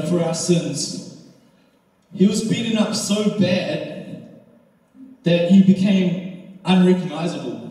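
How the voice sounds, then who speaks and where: A young man giving a casual youth sermon, telling a story with lots of fillers and animated bursts. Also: high voice. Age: young adult. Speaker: youth speaker. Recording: roomy hall from far off.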